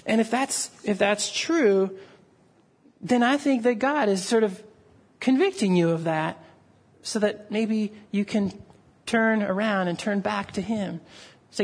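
A man's voice: sits high, slow. Earnest man preaching a heartfelt sermon. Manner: earnest, pleading, rises when stirred. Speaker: pastor. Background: gathered congregation.

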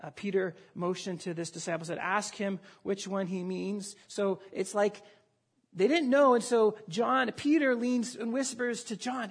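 A man with a fairly high, husky voice preaching a sermon. He talks conversationally and with animation, often restarting mid-sentence as he works through the passage. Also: fairly even intonation, measured pace. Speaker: pastor.

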